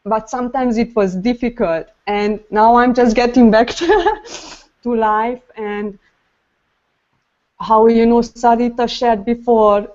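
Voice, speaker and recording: A woman sharing something personal in a group call, speaking in a halting, emotional way with pauses. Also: on the high side, fairly even intonation, darkish tone. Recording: dull lo-fi sound.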